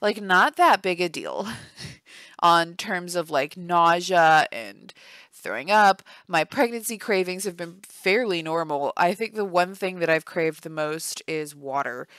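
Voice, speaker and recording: Yawning and worn out, a young vlogger makes casual chat in a voice-only home recording, giggling and making jokes at her own expense. Her fairly low voice is expressive, fairly bright, and measured in pace, with no echo.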